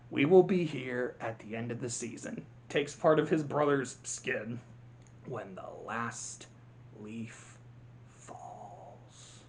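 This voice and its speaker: A vlogger imitating a menacing male grasshopper villain from an animated film, in a low, hushed, sneering whisper delivered slowly. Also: slight background noise. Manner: slow, threatening, sneering.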